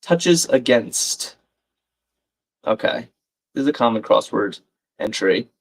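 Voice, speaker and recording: With vocal fry in his mid-range voice, this man speaks slowly yet animatedly while hosting a crossword livestream. He chats casually, reasons aloud, and reads comments from viewers.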